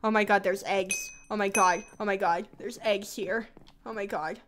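A woman's voice: medium pitch, steady tone, moderate pace, a bit bright, slight background noise. A woman streamer in casual gaming chat, playful with dramatic outbursts and giggles.

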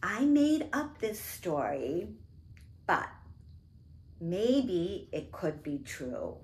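A woman hosting a toddler storytime, speaking in a slow, sing-song way, with exaggerated words for small children. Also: fairly low pitch, very animated, darkish tone.

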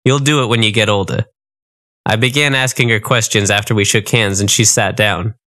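A man's voice: on the low side, steady tone, brisk, bright, forceful tone. A man narrating a comic storybook in a wry, matter-of-fact way.

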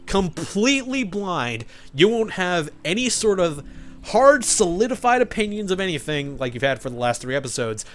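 A man recording game commentary, his pitch sitting a little high and swinging widely as he rants. He swears freely and sounds openly irritated. A casual let's-play commentary voice. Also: fairly bright tone.

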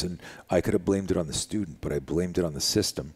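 Deep husky man telling a story. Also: fast talker, few pauses. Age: middle-aged. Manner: animated storyteller, acts out quoted voices. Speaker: self-defense instructor, podcast guest. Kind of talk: storytelling in a casual conversation. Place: living room.

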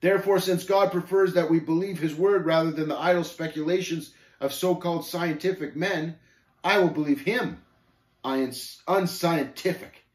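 A man's voice: a little high, normal speed, voice pushed up, natural voice. Brief: man doing an undaunted, devout pilgrim, firm and declaiming, in a roomy space. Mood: bold. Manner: bold, firm, scripture-quoting declamation. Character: bold, devout male pilgrim Faithful, undaunted.

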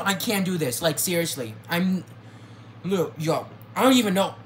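An upset young vlogger rants to viewers and keeps circling back to the same complaint. The voice swings from low and mumbled to sudden high outbursts. Pitch sits mid-range, with a faint hiss of room noise behind it. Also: very animated, moderate pace. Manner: agitated, repeats itself, voice jumps high and loud when upset. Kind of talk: ranting to camera.

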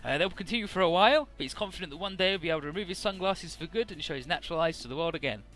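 A man's voice: a little high, animated, rapid-fire, fairly bright tone, soft background music. A man casually recapping a game's story, chatty, with many filler words and the odd swear. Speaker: let's play narrator.

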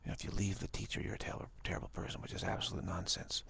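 A man with a deep, very breathy voice gives an informal spiritual talk. He speaks haltingly and restarts his phrases, often sinking to a half-whisper. His voice is heavily gravelly throughout. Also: little pitch movement, fairly bright tone. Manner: halting, repeats words, drops to a half-whisper. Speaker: spiritual teacher.

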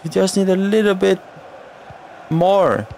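A man with a high-pitched voice talks through a football video game match in a chatty, running commentary. He keeps grumbling at the referee and his own players as he plays. A faint hum sits under the recording. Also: fairly even intonation, slow, creaky, darkish tone. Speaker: gaming video creator.

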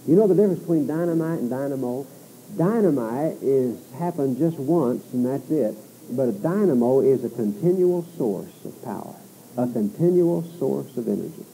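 Man, sermon preacher, very dark mellow voice, emphatic on scripture, rhetorical questions, faint background noise. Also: medium pitch, animated, normal speed, poor audio. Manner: conversational asides, rhetorical questions.

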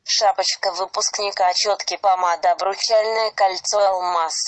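A text-to-speech woman's voice reading out a list of emoji names, in flat, even single words and short phrases. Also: mid-range voice, moderate pace.

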